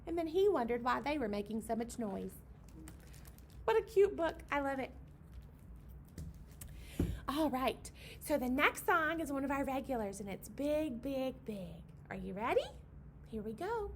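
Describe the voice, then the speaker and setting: A young woman reads a picture book to babies at a library storytime. Her voice sits high and swoops up and down in a bouncy sing-song as she acts out the animal noises. A faint hum of room noise lies underneath. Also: expressive, measured pace, pauses often. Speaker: children's librarian leading storytime.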